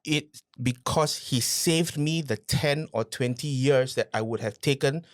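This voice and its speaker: A man's mid-range voice comes through clean studio sound with a dry recording as he guests on a podcast. He recounts his business story in a casual, animated interview at a measured pace, repeating phrases and asking rhetorical questions.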